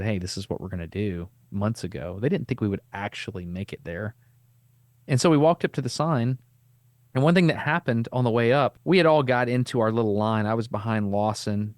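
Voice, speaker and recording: A middle-aged man with a lowish voice tells a story on a podcast. His delivery is casual and lively, and he drops in easy slang. The sound is close and dry, with no room echo. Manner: animated, laid-back storyteller with casual slang. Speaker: podcast host.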